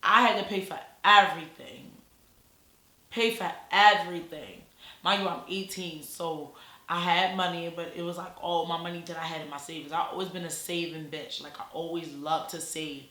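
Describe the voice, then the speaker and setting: A woman's voice: lowish voice, steady tone, normal speed, bright, forceful tone. Rambling, profane young woman vlogger. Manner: rambling, profane, restarts often. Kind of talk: casual storytime vlog. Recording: echoey room.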